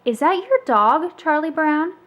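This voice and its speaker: A woman's voice: high voice, animated, unhurried, voice pushed up. A woman voicing an exasperated, blunt young boy in a children's storybook read-aloud, with a scolding manner.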